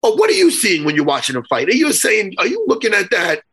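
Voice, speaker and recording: A man hosting a casual interview, loud, joking and swearing a lot. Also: high voice, wildly swooping pitch, fast, husky. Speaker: host.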